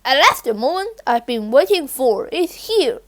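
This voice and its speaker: A woman's voice: high voice, very animated, a little slow. A woman reading aloud, voicing a comic-book vampire who makes a solemn proclamation. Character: comic-book vampire, grand and theatrical, male.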